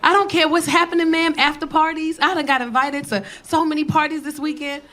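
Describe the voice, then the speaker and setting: A woman's voice: high-pitched, fairly even intonation, a little fast. A middle-aged woman doing stand-up comedy on a club stage, blunt and profane, teasing the audience into a handheld mic. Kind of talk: stand-up comedy set with crowd work. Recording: live club with loud audience laughter.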